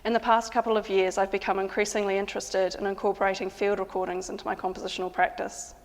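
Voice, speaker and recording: A woman composer and sound artist narrating in a calm, measured, matter-of-fact way. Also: medium pitch, in a large hall, a little hiss or hum. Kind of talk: reflective spoken narration.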